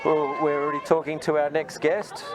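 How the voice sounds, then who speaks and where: An Australian man giving relaxed, chatty play-by-play commentary on a softball game. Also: on the high side, a little fast. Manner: chatty, relaxed, greets viewers. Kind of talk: live sports commentary. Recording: outdoor broadcast with crowd noise.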